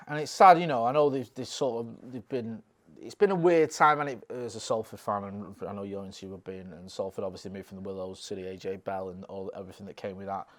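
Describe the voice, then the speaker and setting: A man's voice: on the low side, quick pace. A man, a podcast co-host and former local radio reporter, chatting casually and acting out quotes as he tells stories. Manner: animated storyteller who acts out quotes. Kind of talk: casual chat.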